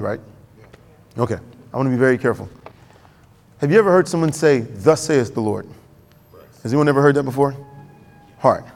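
A man's voice: medium pitch, darkish tone, long reverb tail. A male pastor preaching a sermon in a conversational way, acting out quoted voices.

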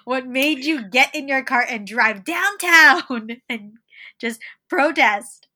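A woman's voice: high voice, takes it slowly, bright, forceful tone. A young woman co-hosting a podcast from home over a remote call, chatting casually with sarcastic humor and frequent laughter. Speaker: podcast co-host. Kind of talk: casual chat.

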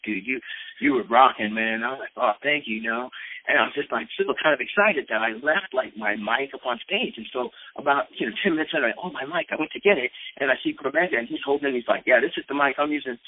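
A man in his late fifties telling a story in a casual, animated way, full of fillers. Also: mid-range voice, quick pace, no room sound. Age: 50s. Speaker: skateboarder and rapper. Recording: tinny phone-like radio sound.

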